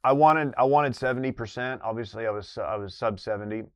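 A man's voice: medium pitch, fairly quick, no room sound. A man competing in a comedic quiz, rambling through guesses with sarcastic asides. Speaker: quiz contestant. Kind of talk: casual comedic quiz banter.

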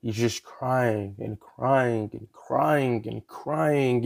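A man's voice: mid-range voice, creaky, a little mellow. A man casually narrating a fan story as a channel host, in a loose, slangy way with fillers and the odd swear word.

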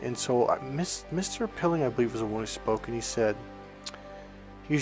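A man's voice: mid-range voice, lively intonation, a little fast, faint music behind. A man teaching as a spiritual coach, talking casually, telling rambling stories and often checking in with "okay?". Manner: rambling anecdotal storytelling.

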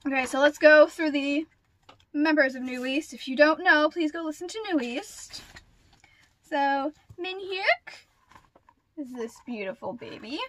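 A young woman vlogger chatting casually through an unboxing, gushing and excitable with lots of gasps and fillers. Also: high-pitched, measured pace, a little hiss or hum.

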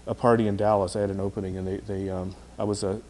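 Fast-talking, chatty artist man. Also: on the low side, little pitch movement, a little mellow, slight background noise. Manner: rambling, chatty storyteller. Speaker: artist guest. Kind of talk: casual anecdotal storytelling. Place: podcast interview.

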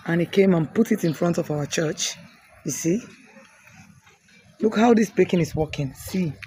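A woman from Sierra Leone with a Krio accent, vlogging outdoors in a family compound on a handheld phone. She teases with quick questions and also explains things. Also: fairly low pitch, warm tone, slight background noise. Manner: teasing, rapid questioning, then explaining. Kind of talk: casual vlog talk, teasing and touring.

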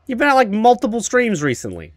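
A man's voice: very high voice, wildly swooping pitch, quick pace, no echo. A man streaming a video game with casual commentary, joking, cocky and swearing.

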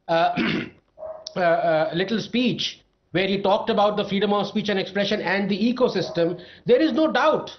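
High-voiced man, lo-fi feed. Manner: emphatic, rattles off long lists. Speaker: debate panelist. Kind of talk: televised panel debate argument.

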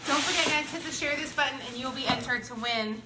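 A woman hosting a live unboxing from her home, bubbly and excited, greeting viewers by name. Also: high voice, fast talker. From Ohio, US. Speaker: product review livestream host. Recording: echoey room with background noise.

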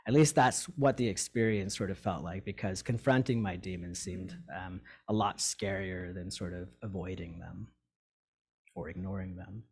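A man in recovery sharing a personal story with his meditation group, candid and halting, full of fillers and restarts. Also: deep voice, creaky, breathy edge. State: tearing up.

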